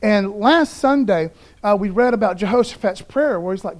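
In a streamed Sunday sermon, a pastor with a high, lively voice preaches at a moderate pace. He keeps things casual and conversational, often saying "okay, guys," and stumbles over names as he reads scripture aloud.

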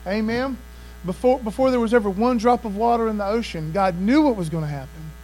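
A man's voice: high-pitched, a little fast, darkish tone, a little hiss or hum, rough recording. A man preaching a sermon, emphatic and casual, often checking in with "amen" and "man.". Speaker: pastor.

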